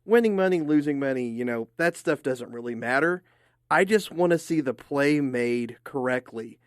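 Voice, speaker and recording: A man's voice: medium pitch, animated, moderate pace, smooth, no room sound, clean studio sound. A man co-hosting a sports radio show, giving his opinions emphatically. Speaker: radio co-host.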